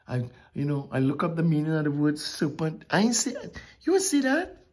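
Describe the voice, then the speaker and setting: A woman preaching a sermon, emphatic and drawn-out with dramatic pauses. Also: low voice, sing-song, a little mellow.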